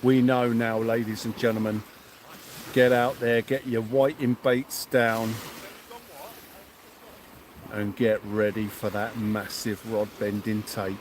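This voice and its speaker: A man's voice: fairly low pitch, little pitch movement, takes it slowly, long pauses, slight background noise. Effusive man thanking livestream viewers. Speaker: fishing livestream host. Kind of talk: excited livestream chat. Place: outdoors at night by the sea.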